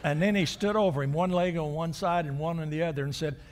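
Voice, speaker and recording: An older male pastor preaching a sermon, telling stories and moving between loud, raised lines and quiet, hushed ones. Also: a little high, steady tone, quick pace, long reverb tail. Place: church sanctuary.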